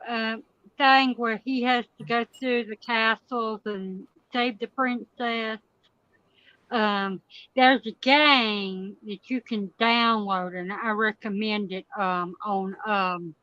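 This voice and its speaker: A woman in casual chat, hesitant and filling pauses with ums. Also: on the high side, bright, forceful tone. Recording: dull lo-fi dry audio.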